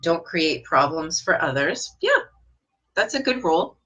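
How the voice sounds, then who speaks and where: A woman teaches English in a live online session, her voice clear and bright though her pitch runs slightly low. She reads out viewer comments and replies with direct, encouraging questions, her pitch jumping when she praises someone. Her delivery is sing-song and a bit slow.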